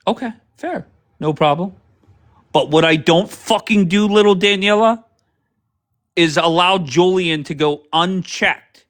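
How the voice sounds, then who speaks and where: A man's voice: sits high, measured pace, a bit bright. A man hosting a livestream, ranting sarcastically over clips with plenty of swearing. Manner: sarcastic, profane, heated. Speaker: livestream host.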